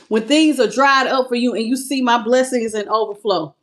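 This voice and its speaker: Greeting people in the chat by name, this tarot reader keeps her live session playful, laughing a lot and breaking into bits of song. She speaks with a fairly high pitch, at a moderate pace, with few pauses.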